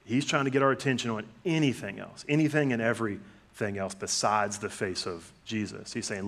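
A middle-aged man preaching a sermon in a relaxed, conversational way, telling family stories and acting out what people say. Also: fairly low pitch, a little fast. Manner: conversational storytelling with lively acted-out quotes. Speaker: pastor.

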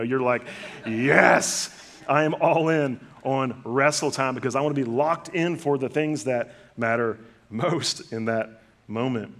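Middle-aged pastor preaching in a storytelling way. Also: male voice, medium pitch. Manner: conversational storytelling with lively acted-out quotes. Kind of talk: sermon.

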